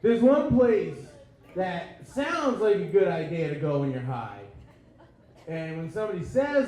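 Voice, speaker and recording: A man doing stand-up comedy, with a profane rant style and shouted bursts, acting out dialogue. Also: sits high, big pitch swings, measured pace. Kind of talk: stand-up set. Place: comedy club stage. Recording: echoey club with crowd laughter. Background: audience laughing.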